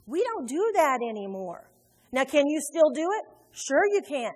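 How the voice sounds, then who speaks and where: A fairly high-voiced woman preaching in a church. She is animated and chatty, teasing the congregation between points, and a long hall reverb hangs behind her voice. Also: normal speed. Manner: animated, conversational, joking with the congregation. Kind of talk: sermon. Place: church sanctuary.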